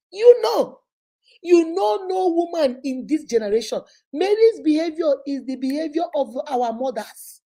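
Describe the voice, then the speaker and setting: In an impassioned vlog, a woman with a Nigerian accent speaks in a high, dark-toned voice. She scolds and preaches emphatically, repeating herself and driving her points home with rhetorical question after rhetorical question.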